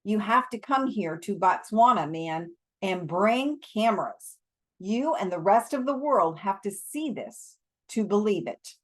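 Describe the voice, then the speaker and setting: A woman's voice: medium pitch, expressive, unhurried. A woman reading aloud, voicing a burly, panicked Afrikaner lion expert who speaks urgently and emphatically.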